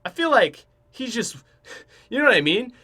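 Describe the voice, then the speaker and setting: Speaking at a normal speed, this young podcast host has a very high, sharp voice and is very animated. He's Canadian with a matching accent, rambling through a casual story full of fillers and false starts.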